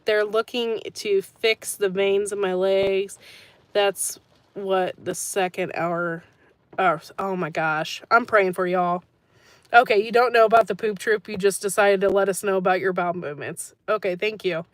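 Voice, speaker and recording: A woman's voice: medium pitch, unhurried, no room sound. Chatty woman rambling thru viewer comments on her garden stream, laughs a lot, dry close sound. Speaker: gardening channel host. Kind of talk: casual live-stream chat answering comments.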